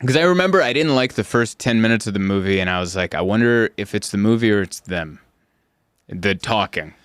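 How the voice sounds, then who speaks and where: Animated man telling stories on a podcast. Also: brisk, clear, resonant tone, dry recording, clean studio sound. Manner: animated storyteller, jumps into high voices for quoted people. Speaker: podcast host. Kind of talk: casual chat.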